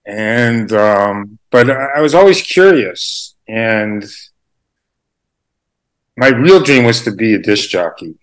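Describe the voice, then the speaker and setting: A man's voice: on the low side, lively intonation, slow pace, rough recording. A man from Canada, a journalist guest, talking in a rambling, self-deprecating way and laughing often. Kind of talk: casual interview conversation.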